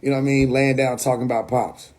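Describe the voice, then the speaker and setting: A livestream host with a New York accent rants bluntly and casually from home over his phone, cursing and laughing between points. His mid-range voice has a darkish tone, moves little in pitch, and comes out fast.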